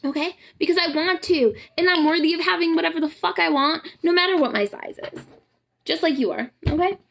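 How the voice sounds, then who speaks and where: A woman's voice: extremely high pitch, fairly quick, gravelly. A young adult woman with a Southern US accent, a photographer giving a blunt, profane, ranting pep talk on a casual live stream. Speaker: boudoir photographer and empowerment coach.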